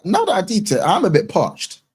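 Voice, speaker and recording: A man with a husky, slightly breathy voice co-hosts a football live stream. His pitch swings widely as he jokes and teases in playful banter. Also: huge pitch swings, a little fast, darkish tone. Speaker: co-host. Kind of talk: casual live-stream chat.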